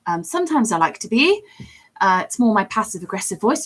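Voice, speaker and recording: An English woman in her thirties with a deep voice, chatting casually and ramblingly on a livestream about voice acting. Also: very animated, fairly quick, fairly bright tone, breathy edge. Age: 30s. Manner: rambling and chatty, with frequent fillers and laughs. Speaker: streamer and voice actor.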